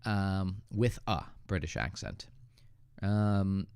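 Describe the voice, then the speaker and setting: A man's voice: sits low, takes it slowly, darkish tone, clear, resonant tone, dry recording, studio quality. An American man hosting a casual livestream, teaching English and answering viewer questions, thinking aloud with hesitant restarts.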